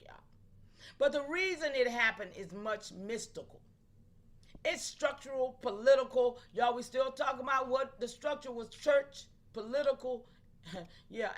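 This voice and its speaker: A high-pitched woman speaking hosts a live stream. She talks animatedly, often breaking off to call out to her viewers and laughing between points. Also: a bit bright. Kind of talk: casual live-stream talk to chat.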